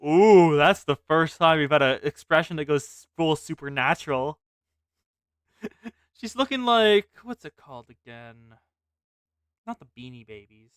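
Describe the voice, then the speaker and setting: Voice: medium pitch, expressive, measured pace, pauses often, clear, resonant tone, no echo, studio quality. A streamer giving casual, rambling commentary on a game. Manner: chatty, rambling asides.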